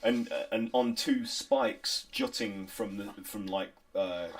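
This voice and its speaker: A man narrating as game master, halting and improvised, with many restarts. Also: lowish voice, gravelly.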